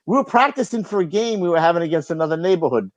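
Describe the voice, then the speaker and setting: A middle-aged man from Brooklyn, New York, telling a lively story to friends on a podcast. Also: a little high, rapid-fire, no room sound, lo-fi sound. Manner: animated, laughing storyteller. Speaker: podcast host.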